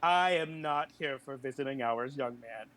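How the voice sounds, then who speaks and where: A man's voice: mid-range voice, normal speed, a bit bright, a little hiss or hum, voice pushed down, natural voice. A man voicing a prim, scolding middle-aged mother who has come to free her son. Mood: indignant.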